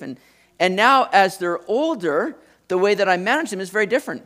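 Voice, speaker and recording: A man's voice: sits high, animated, fairly quick, fairly bright tone. A middle-aged male pastor preaching a sermon in a conversational teaching manner, acting out quotes as he explains the passage.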